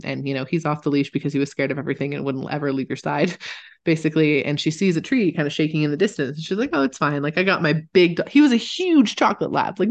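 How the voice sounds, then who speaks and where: A woman co-hosting a podcast, telling stories in a lively, casual way and swearing freely. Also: deep voice. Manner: animated, chatty, swears casually, laughs often. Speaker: podcast co-host. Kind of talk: casual storytelling chat.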